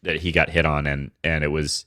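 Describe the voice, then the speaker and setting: A man's voice: very deep voice, flat delivery, fairly quick, bright, forceful tone. A man co-hosting a sports podcast, rambling casually with frequent restarts and swearing. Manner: laid-back, profane, rambling with restarts. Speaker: podcast co-host.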